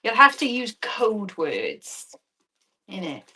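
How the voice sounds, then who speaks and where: A woman's voice: mid-range voice, very animated, slow, pushed and bright, slight background noise. A woman selling earrings on a live stream, chatting cheekily with viewers and swearing with a laugh. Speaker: online auction seller.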